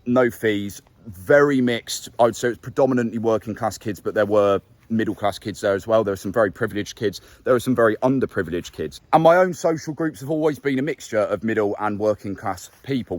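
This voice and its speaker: A man's voice: fairly low pitch, fairly quick, dry recording. A young man with a neutral middle-class English accent, explaining a subject to camera in a casual, conversational way and stressing key words. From England. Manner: conversational, self-correcting, emphatic on key words. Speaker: YouTube host. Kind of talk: casual talking-head explainer.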